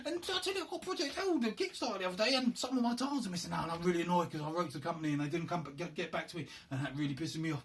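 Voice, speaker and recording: Man, rapid rambling chat, self-mocking show-and-tell, faint background noise. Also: extremely high pitch. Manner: rambling, self-deprecating, thinks aloud. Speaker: hobbyist showing his handmade game box.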